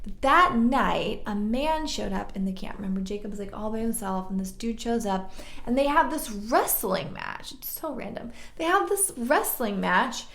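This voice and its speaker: A woman's voice: mid-range voice, lively intonation, moderate pace, gravelly, fairly bright tone. A woman casually retelling a Bible story, chatty and slangy, with joking asides. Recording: roomy echo.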